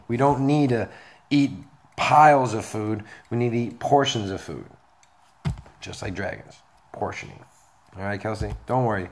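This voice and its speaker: A young man chatting casually as he answers viewer questions about caring for reptiles, rambling and reassuring. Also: on the low side. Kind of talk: casual Q&A video.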